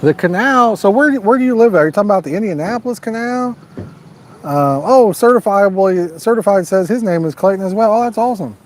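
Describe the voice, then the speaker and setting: A man's voice: sits high, expressive, brisk. Joking man hosting a live fishing stream. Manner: joking, laid-back, folksy. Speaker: fishing channel host. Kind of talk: live stream chat, reading viewer comments. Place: outdoors by the water at night.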